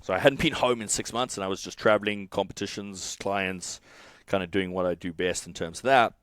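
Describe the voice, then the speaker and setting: Low-voiced sweary man telling a story. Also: brisk, a bit bright, smooth, no room sound. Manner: swears often, rambling with restarts. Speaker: coach and software co-founder. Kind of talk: casual podcast storytelling.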